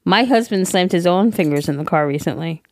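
A woman's voice: lowish voice, brisk. A young woman co-hosting a podcast, telling stories in casual chat, swearing freely and often restarting her sentences. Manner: swearing, stammering restarts, animated storytelling. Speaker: podcast co-host.

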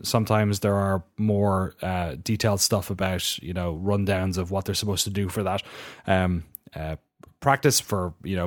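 An Irish man with a low voice hosts a casual podcast. He rambles a little and restarts his sentences. The recording is dry and close, with no room sound. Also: no room sound. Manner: rambling, self-correcting. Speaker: podcast host.

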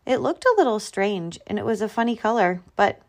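A woman reading a children's picture book aloud, slow and expressive. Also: medium pitch. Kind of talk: storybook read-aloud.

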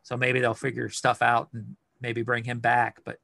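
A man's voice: medium pitch, monotone, normal speed, gravelly, bright, forceful tone, no room sound, studio quality. A man co-hosting a podcast, talking loosely and casually with plenty of fillers. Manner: loose, filler-heavy talk. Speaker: podcast co-host.

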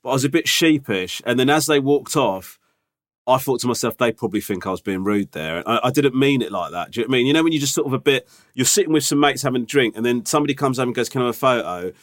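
Lively man telling stories. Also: medium pitch, fast talker. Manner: anecdotal, keeps asking "do you know what I mean". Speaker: podcast co-host. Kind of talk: casual chat.

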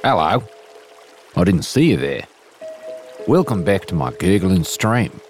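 A man with a put-on Australian accent, playfully leading a slow, soothing guided imagination exercise as a podcast host. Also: low-pitched, big pitch swings. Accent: put-on Australian/New Zealand. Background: music and trickling stream sounds.

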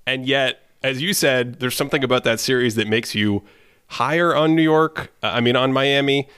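A man's voice: mid-range voice, normal speed, fairly bright tone, clean tone, no room sound, studio quality. A man hosting a casual basketball podcast, who reads out stats and laughs between his points. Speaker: podcast host.

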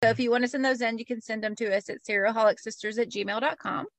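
A woman's voice: fairly high pitch, fairly even intonation, fast talker, no room sound. A woman co-hosting a podcast, reacting playfully and laughing often in casual chat. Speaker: podcast co-host.

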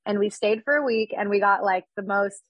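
A woman's voice: mid-range voice, brisk, a bit bright, dry recording, low-quality recording. A woman in her thirties from California, chatting upbeat and casually as a podcast guest, with lots of fillers. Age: 30s.

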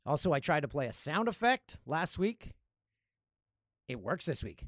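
A Canadian man hosting a casual solo podcast, jokey and animated, with loud playful outbursts. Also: fairly high pitch, unhurried, no room sound. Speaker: podcast host.

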